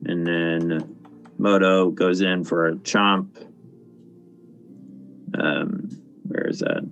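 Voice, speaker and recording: A man's voice: low-pitched, fairly even intonation, very slow, vocal fry, fairly bright tone. A man playing a tabletop game, matter-of-fact with dry humor. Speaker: player.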